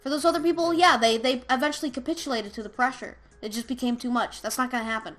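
A woman's voice: sits high, fast talker, a bit bright, faint music behind. A young woman co-hosting a casual chat, reading an article aloud with brash, mocking commentary and frequent swearing. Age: teenager. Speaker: co-host.

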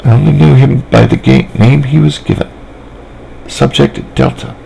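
A man reading a story aloud, voicing a serious young girl who speaks in a measured, formal way. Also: medium pitch, steady tone, gravelly, mellow, a little hiss or hum, voice pushed up, low-quality recording. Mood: composed. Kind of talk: fan fiction reading aloud.

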